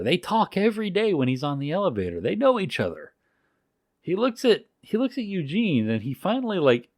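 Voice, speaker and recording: A man co-hosting a podcast, telling a story in casual, profane, animated talk. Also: mid-range voice, no room sound, studio quality. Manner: animated, profane, full of restarts.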